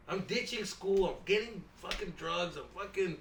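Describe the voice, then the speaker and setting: A man's voice: high voice, normal speed, a bit bright, breathy edge. A man in his thirties telling a wild story on a casual podcast, slangy, swearing often and mixing in Spanish words.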